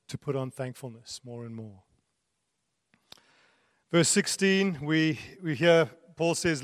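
A man's voice: on the high side, no room sound, studio quality, long reverb tail. A man preaching a sermon in an earnest way, repeating key phrases and laughing now and then. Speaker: pastor.

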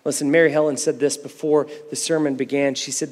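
A man's voice: a little high, little pitch movement, a little fast, few pauses, a little mellow, big-room sound. A male pastor in his thirties preaching a sermon, repeatedly saying "listen" and building in intensity.

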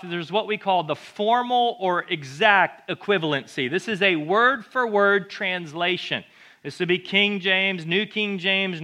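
Bright, high-voiced energetic male pastor. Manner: energetic, conversational preaching with jokes. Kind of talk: sermon.

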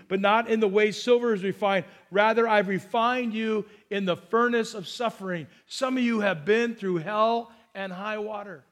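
A male pastor preaching a sermon in a conversational way, with joking asides and stumbling repeats. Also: sits high.

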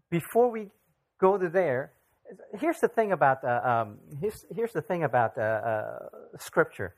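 A visiting Bible teacher leading a casual church study, speaking haltingly with frequent fillers and often checking in with the group. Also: mid-range voice. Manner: halting, many fillers, keeps checking in with "okay?". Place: church gathering.

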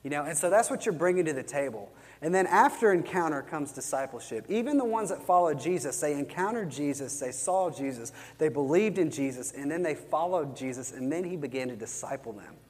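Male church teacher, fairly high voice, casual storyteller, long hall reverb. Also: expressive, fairly quick, few pauses. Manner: conversational storytelling, acts out Bible quotes. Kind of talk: teaching a class from worksheet notes.

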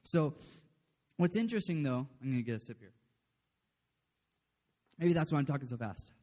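Casual male preacher, mellow tone, long hall reverb. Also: fairly high pitch, expressive, normal speed. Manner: chatty, asks the room "okay?", laughs often. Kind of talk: casual sermon to a congregation.

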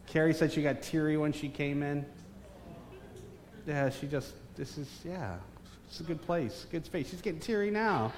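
Preaching as a guest pastor before a live congregation in a large church hall, this man jokes and teases the crowd with plenty of energy. His voice sits a little high with a darkish tone, and he talks at a normal speed. The recording is distant and reverberant, with faint room noise.

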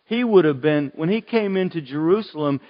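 A man's voice: on the high side, animated. Western Pennsylvanian male pastor, chatty sermon delivery, lingering church echo. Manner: conversational preaching, slows on key words. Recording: dull, long church reverb.

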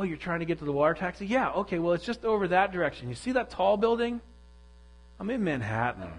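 Man preaching a personal story, higher voice. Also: poor audio. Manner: candid, self-deprecating storytelling. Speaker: pastor. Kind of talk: sermon storytelling.

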